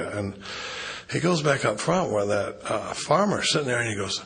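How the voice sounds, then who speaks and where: A man's voice: medium pitch, very animated, brisk, a bit bright. A middle-aged man from Dallas, telling his recovery story at a retreat in a rambling, joking way with many restarts. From Dallas, Texas. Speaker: AA speaker. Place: retreat meeting room.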